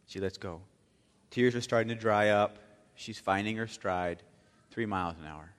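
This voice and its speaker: A man preaching a sermon, telling a story dramatically and swinging from loud bursts to hushed asides. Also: deep voice, normal speed. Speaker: pastor. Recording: long hall reverb.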